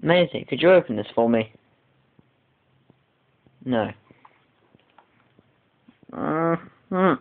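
A man's voice: on the high side, lively intonation, drawn-out words, pauses often. Whiny rambling teenage boy vlogger. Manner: whiny, rambling, exaggerated complaining. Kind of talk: casual home vlog. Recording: tinny lo-fi with faint hiss.

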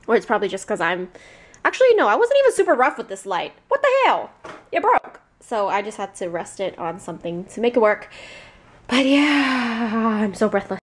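A woman's voice: mid-range voice, very animated, brisk. A young woman vlogging casually from her apartment bedroom into a handheld camera, chatty and rambling with frequent giggles. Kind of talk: casual vlog chat.

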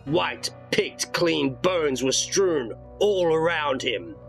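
A man's voice: a little high, expressive, takes it slowly, creaky, soft background music, poor audio. A man reading a horror storybook aloud in dramatic first-person narration.

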